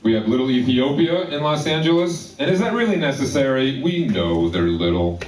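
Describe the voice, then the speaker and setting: A man's voice: medium pitch, big pitch swings, a little fast, a little mellow. A male stand-up comedian delivering provocative jokes and teasing the audience. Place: comedy club stage. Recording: roomy sound from a distant mic.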